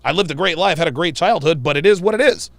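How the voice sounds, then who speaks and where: A man hosting a livestream, telling a story in an animated, emphatic way and repeating his points. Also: a little high, quick pace, vocal fry, no echo. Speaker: livestream host. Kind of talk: livestream commentary.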